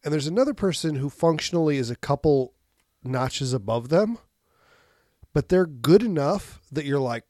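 A man in his thirties co-hosting a podcast in casual chat, animated and swearing, laughing often. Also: on the high side, moderate pace, no room sound, studio quality. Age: 30s. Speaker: podcast co-host.

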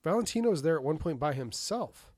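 A man's voice: a little high, expressive, fairly quick, darkish tone, no room sound, clean studio sound. A man co-hosting a podcast, asking questions about a film in an easygoing, casual way. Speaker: podcast co-host. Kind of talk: casual chat.

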